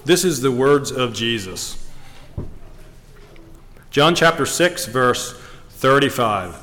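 Guy preaching a sermon, mid pitch, earnest, lots of ums and restarts, long hall echo. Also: expressive, slow pace, sharp tone. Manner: reads scripture in King James wording.

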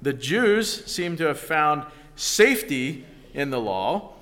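Slow-speaking preacher in a hall. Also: male voice, on the high side, very animated, fairly bright tone. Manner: slow, deliberate storytelling. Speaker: pastor. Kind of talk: sermon.

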